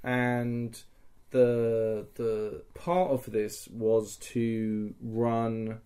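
A man's voice: medium pitch, steady tone, very slow, warm tone, clear, resonant tone. A young man on a podcast, casually recounting a live-action role-play game in loose, rambling sentences with frequent swearing. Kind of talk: casual storytelling chat.

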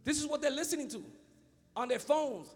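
A man preaching a sermon as pastor, swinging between fervent shouts and low muttering. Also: expressive, brisk, long reverb tail. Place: church.

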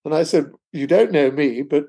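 A man's voice: a little high, normal speed, mellow, breathy edge. An older man, a guest author, telling a long anecdote in conversation, rambling with many asides. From England. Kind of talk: storytelling in conversation.

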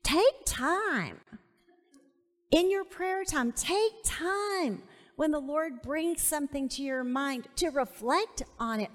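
A woman's voice: high voice, lively intonation, slow pace. A woman teaching a Bible study sermon, emphatic, repeating key phrases and asking her listeners to say them back to her. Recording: long hall reverb.

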